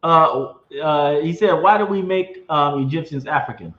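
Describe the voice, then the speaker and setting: A man hosting a casual video-call interview, outspoken and animated, laughing often. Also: fairly high pitch, moderate pace, reverberant, highs cut off. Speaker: interview host, comic company head.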